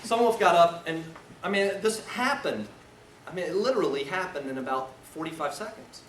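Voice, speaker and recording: Male lecturer, higher voice, animated storyteller, distant mic, noisy roomy hall. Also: a little fast. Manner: animated, acts out scenes, shifts between loud and hushed. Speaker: defense lawyer teaching a seminar. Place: lecture room. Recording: echoey room, far mic, noisy.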